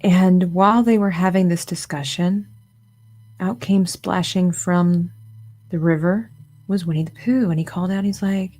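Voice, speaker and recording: Mellow-voiced woman casually retelling a story. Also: on the low side, a little slow. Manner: chatty, animated storyteller. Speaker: streamer and painter. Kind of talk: casual chat and storytelling on a live stream. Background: faint music.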